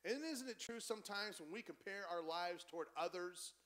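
A man preaching a conversational, animated sermon as pastor in a church. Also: high-pitched, normal speed. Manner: animated, conversational preaching, acts out quoted voices.

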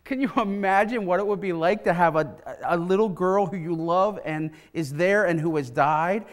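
Preaching through a pulpit microphone, a pastor with a slightly higher-than-average male voice brings a scripture story to life in church. He tells it with real feeling, voicing each character as he goes.

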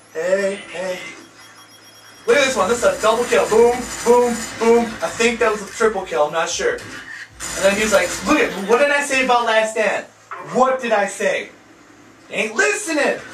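A young man giving excitable gameplay reaction commentary, trash-talking with loud outbursts. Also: extremely high pitch. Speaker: gaming YouTuber. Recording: echoey room, distant mic, noisy.

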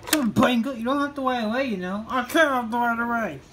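Woman kinda high-pitched, arguing hard, repeats herself, outdoor noise. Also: fast talker.

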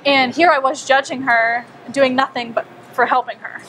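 A young woman telling a personal story to a small group, animated and chatty, acting out her own thoughts and saying "like" a lot. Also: high-pitched, normal speed, slight background noise. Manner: animated, acts out her own inner voice, frequent "like". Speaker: wellness speaker. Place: small meeting room with a group.

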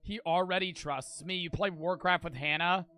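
Young male streamer, high, sharp voice, brash and profane. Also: steady tone, moderate pace. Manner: loud, brash, swearing, jokey. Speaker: gaming streamer. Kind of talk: casual streaming commentary.

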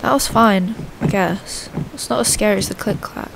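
A woman voicing an eerie, unimpressed woman in a haunted game, giving flat, ominous replies. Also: medium pitch, normal speed, vocal fry, background noise, lightly acted. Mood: dismissive. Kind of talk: game character dialogue.

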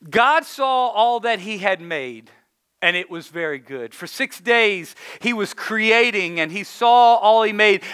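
Give me a male pastor in his thirties, a high, bright and clear-toned man, preaching a lively, joking sermon that pulls the room into call-and-response and breaks into acted-out shouts at his kids.

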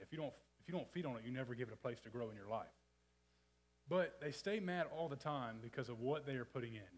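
A man's voice: mid-range voice, low-quality recording. A man preaching a casual, folksy sermon in a church, with frequent restarts and asides. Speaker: church speaker. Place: church sanctuary.

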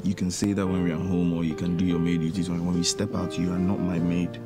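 A man's voice: sits low, little pitch movement, fast talker, natural voice. An actor playing an earnest young man in love. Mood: pleading. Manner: earnest, pleading, reassuring. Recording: guitar music under the voice.

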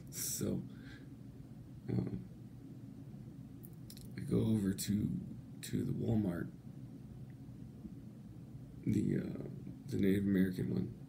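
A man telling a rambling comic anecdote, swearing freely and breaking into laughter between halting phrases. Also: fairly low pitch, fairly even intonation, creaky, noisy background. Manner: laughs through his words, swears a lot; halting, many restarts. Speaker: storyteller.

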